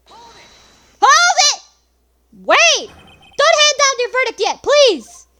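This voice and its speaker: Earnest young male attorney for a game read by a woman; forceful, animated delivery. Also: on the high side, fast, heavy background noise, lightly acted. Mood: urgent. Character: young male defense lawyer, earnest and urgent.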